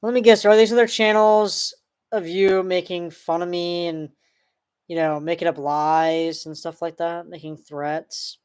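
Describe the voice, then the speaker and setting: A man's voice: sits high, little pitch movement, measured pace, smooth. A man on a livestream answering trolls, sarcastic and mocking with fake dismay. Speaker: streamer answering online trolls. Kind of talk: casual livestream talk.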